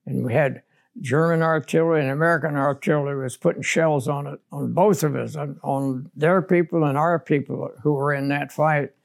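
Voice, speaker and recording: An older man with a gravelly, rough-edged voice tells his war memories plainly and bluntly. He speaks as a veteran being interviewed for an oral history, matter-of-fact and unsentimental. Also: on the high side, steady tone, moderate pace.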